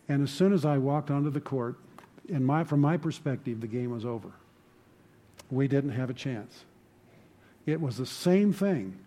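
A man's voice: medium pitch, warm tone. A middle-aged man preaching a sermon, telling stories conversationally and building to emphatic points. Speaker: pastor.

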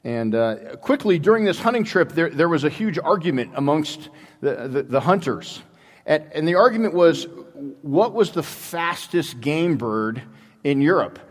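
A man's voice: a little high, sing-song. Man preaching in an echoing church. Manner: storytelling, halting restarts. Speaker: pastor. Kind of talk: sermon. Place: church sanctuary. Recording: long hall reverb.

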